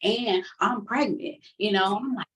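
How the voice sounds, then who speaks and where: A woman's voice: mid-range voice, measured pace, a bit bright, recorded from a distance, rough recording. A woman giving a candid, emotional church testimony in a colloquial way, full of fillers. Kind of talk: personal testimony storytelling.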